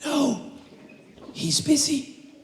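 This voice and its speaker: A man with an Irish accent putting on the high, hushed voice of a sly little kid whispering down a phone in a joke, in an echoey hall. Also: lively intonation, drawn-out words, gravelly, a little hiss or hum, exaggerated voice. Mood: secretive.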